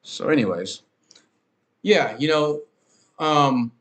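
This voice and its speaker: A man's voice: a little high, expressive, slow pace, fairly bright tone. A man hosting a podcast, ranting in a casual, rambling monologue with frequent swearing, fillers and restarts. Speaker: podcast host.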